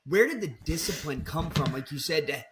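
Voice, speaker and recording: A man's voice: a little high, lively intonation, fairly quick, background noise. A man co-hosting a podcast, enthusiastic and casual, calling his guest "dude" and "man". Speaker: podcast co-host. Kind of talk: casual chat.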